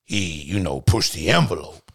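A British man hosting a podcast, chatting casually in a rowdy, high-energy way and laughing often. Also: very animated, moderate pace, gravelly, fairly bright tone. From United Kingdom. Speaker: podcast host.

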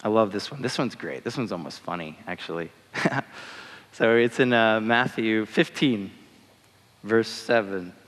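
With a fairly low, fairly bright voice and a measured pace, a young adult man delivers a conversational sermon. Fillers such as "like" and "you know" crop up constantly, echoing in a long hall reverb.

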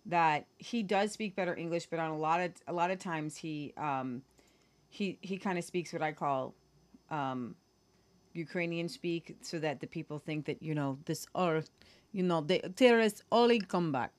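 A woman's voice: sits low, normal speed. A woman co-hosting a weekly world news talk show, chatting casually and rambling through stories. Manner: chatty, rambling, playful with mock accents. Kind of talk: casual news commentary chat.

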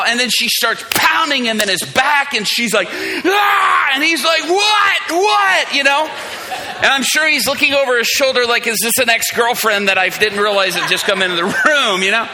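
Lively high-voiced male preacher. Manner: animated, acts out voices in his story. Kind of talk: storytelling sermon.

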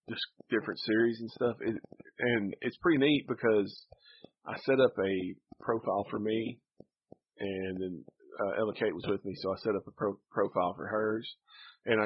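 Low gravelly guy rambling casually on a podcast, husky, kinda dull lo-fi sound. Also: moderate pace. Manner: laid-back, rambling, chatty. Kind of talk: casual chat.

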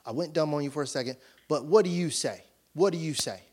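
A man preaching as a pastor in a church, telling a personal story with animated voices for each side of a conversation and laughing often as he talks. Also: fairly high pitch, fast, slightly rough. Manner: animated storytelling, acting out both sides of conversations; laughs often while talking. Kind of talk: sermon.

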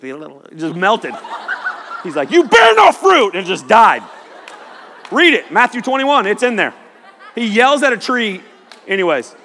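A pastor preaches in a lively, joking way, slipping into the voices of the people he describes. His voice sits high and sounds bright and sharp. It rings out with a long reverb from a large church hall. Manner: joking, animated, acts out quoted people. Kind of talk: sermon. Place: church auditorium.

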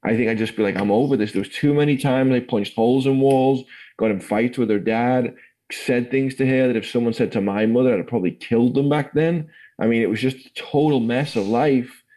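A man's voice: medium pitch, brisk, mellow, poor audio. An English man in his forties, telling his life story in a rambling, casual way full of fillers. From England. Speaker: guest. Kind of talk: casual testimony interview.

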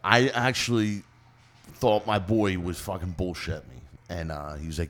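A man hosts a podcast in loose, rambling chat, swearing in nearly every sentence. His voice sits low, with a light hiss in the background. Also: fairly even intonation, moderate pace, a bit bright. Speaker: podcast host. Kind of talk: casual chat.

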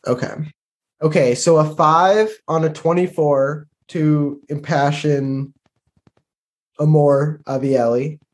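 Male player, slow hesitant chat, slightly high voice. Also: fairly even intonation. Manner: hesitant, full of fillers. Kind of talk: casual tabletop play.

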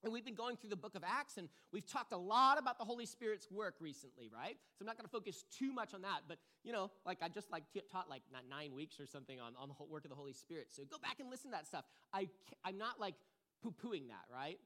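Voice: mid-range voice, lively intonation, fast talker, pushed and bright. Chatty pastor giving a casual sermon. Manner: chatty and self-deprecating, often asks "right?"; restarts and fillers like "like" and "um". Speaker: pastor teaching a discipleship series. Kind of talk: conversational sermon.

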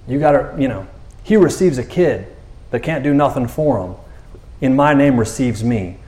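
A man's voice: mid-range voice, fairly quick, reverberant. A man preaching a sermon as pastor, telling the story in a casual, joking way and acting out the characters' lines. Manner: animated, jokey storytelling with acted-out dialogue. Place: church.

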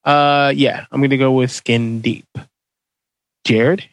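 A man hosting a casual movie podcast, excitable and profane, tripping over his words as he calls the votes. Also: medium pitch, slow pace, no room sound. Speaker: podcast host running a movie bracket. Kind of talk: casual chat.

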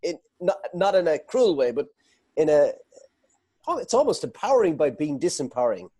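Husky man musing in halting phrases. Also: on the high side, very animated, mellow. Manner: thoughtful, halting, with restarts. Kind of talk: conversational interview.

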